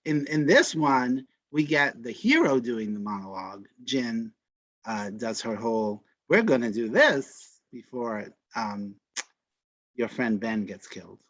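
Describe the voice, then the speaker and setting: A man's voice: medium pitch, lively intonation, measured pace, a bit bright, lo-fi sound. A man hosting a casual movie chat, easygoing and calling on others in turn. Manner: easygoing, calls on others to speak.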